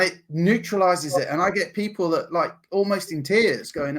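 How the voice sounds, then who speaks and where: An English man talking as a podcast guest, animated and laughing often as he acts out other people's voices. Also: high-pitched, normal speed, hardly any pauses. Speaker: guest, NLP practitioner. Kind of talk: podcast interview.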